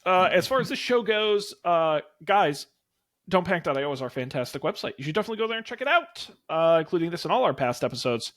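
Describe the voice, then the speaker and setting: Speaking fast with big swings in his fairly high, fairly bright voice, this man hosts a casual podcast over video call. He rambles through plugs, leaning on plenty of fillers.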